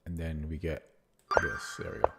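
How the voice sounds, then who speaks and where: A young man streaming chess, thinking his moves out loud, repeating words as he calculates and chatting back to his viewers. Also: very deep voice, completely flat delivery, moderate pace, background noise. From Canada. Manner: chatty replies to viewer chat. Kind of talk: live-stream chess commentary, thinking aloud.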